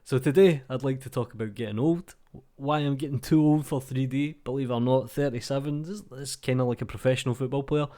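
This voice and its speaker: A man in his thirties with a broad Glasgow accent talks off the cuff, blunt and sweary. His voice sits at an ordinary middle pitch, and he sounds relaxed and self-mocking as he chats. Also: brisk. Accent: Glaswegian Scottish. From Scotland. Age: 30s. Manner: playing a game while talking. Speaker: YouTube 3D tutorial creator. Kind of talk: casual rambling vlog chat.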